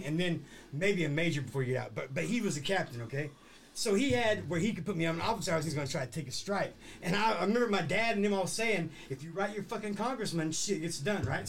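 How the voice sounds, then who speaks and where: Profane high-voiced man telling stories. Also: slight background noise. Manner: profane, rambling, laughing. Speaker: podcast host. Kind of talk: casual storytelling.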